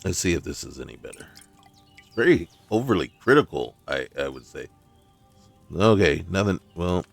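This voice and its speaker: A man's voice: low voice, expressive, moderate pace, gravelly, faint music behind. A man hosting a gaming channel gives casual commentary on his gameplay, talking to himself and crying out in frustration when things go wrong. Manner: talks to himself, exclaims in frustration.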